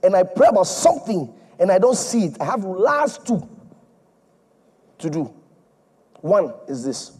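A male preacher delivering an emphatic, repetitive sermon that swings between loud and soft. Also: high voice, sing-song, a little slow, long pauses, slightly rough.

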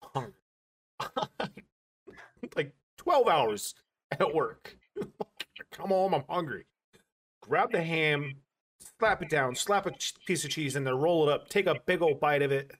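A man hosting a podcast, telling crude stories in a loose, animated way. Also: fairly high pitch, a little slow, pauses often. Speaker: podcast host. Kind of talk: casual podcast chat.

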